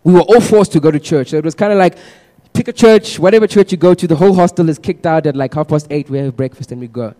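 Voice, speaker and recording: A man's voice: a little high, quick pace. A young man, giving a casual, humorous testimony as a sermon to a congregation. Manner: casual, animated storytelling with humor. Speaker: preacher. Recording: echoey hall reverb.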